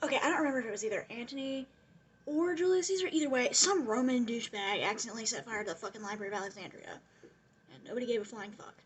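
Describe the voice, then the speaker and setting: A woman's voice: on the high side, racing, husky. A young woman casually retelling history for laughs, rambling and swearing with throwaway asides. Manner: rambling, profane, giggly asides. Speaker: vlogger.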